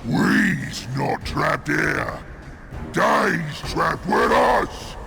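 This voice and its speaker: A man's voice: on the high side, lively intonation, drawn-out words, gravelly, shouting, over loud music, voice pushed up, exaggerated voice. A man voicing a big, boastful male orc warrior in a guttural, growling Cockney voice for a video game. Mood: defiant. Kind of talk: edited video game voice acting.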